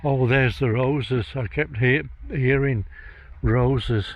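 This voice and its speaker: Slow, halting man in a graveyard. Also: mid-range voice. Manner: halting, hesitant, searching for words. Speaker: psychic medium. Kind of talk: walking vlog narration. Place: outdoor graveyard. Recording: dull lo-fi outdoor recording.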